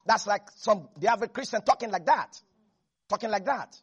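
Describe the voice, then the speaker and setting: A preacher delivering a lively sermon, laughing and acting out Bible characters. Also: medium pitch, a little fast, slightly rough, dull audio.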